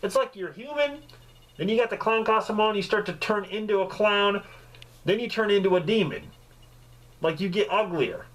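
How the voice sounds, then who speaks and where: A man giving a casual, joking movie review, with swearing and lively storytelling. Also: sits high, moderate pace, rough recording. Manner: profane, joking, animated storytelling.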